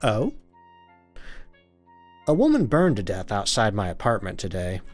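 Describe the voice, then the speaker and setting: A man's voice: on the low side, wildly swooping pitch, a little slow, soft background music. A man voicing a flirty, saucy middle-aged lady with a put-on Southern US accent, drawling and theatrical. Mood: flirtatious.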